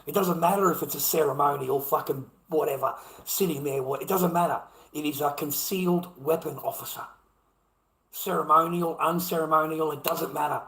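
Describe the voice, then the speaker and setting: A man's voice: fairly high pitch, steady tone, normal speed, vocal fry, a bit bright, reverberant, poor audio. A man with an Australian accent, ranting heatedly to camera and swearing constantly as he repeats his points. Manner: profane, heated, repetitive.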